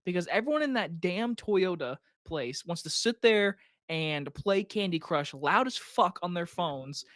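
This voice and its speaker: A young man co-hosting a podcast in casual chat, animated and ranting, swearing freely. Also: high-pitched, measured pace, no echo, clean studio sound. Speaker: podcast co-host.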